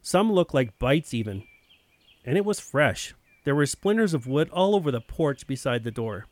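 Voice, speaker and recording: A man's voice: fairly high pitch, very animated, normal speed, no room sound. A man telling a first-person story in a plain, wry narrating voice.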